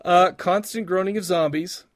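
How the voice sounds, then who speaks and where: A man's voice: high-pitched, fairly even intonation, moderate pace. A man co-hosting a casual podcast chat, talking in rambling bursts with lots of restarts and laughs. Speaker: podcast co-host.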